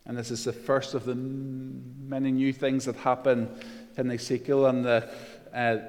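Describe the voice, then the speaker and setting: A man preaching a sermon, reading scripture slowly and emphatically with a rising, earnest delivery. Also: medium pitch, little pitch movement, darkish tone, big-room sound.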